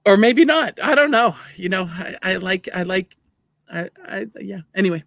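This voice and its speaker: A woman's voice: medium pitch, normal speed, no room sound, studio quality. Bubbly, gushing woman co-host. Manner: gushing, bubbly, stumbling restarts. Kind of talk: casual video interview.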